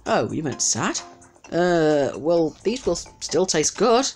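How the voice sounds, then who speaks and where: A man's voice: fairly high pitch, sing-song, slow, soft background music. A man giving casual let's-play commentary, chatty and easily distracted, talking back at the game's customers. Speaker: gameplay commentator.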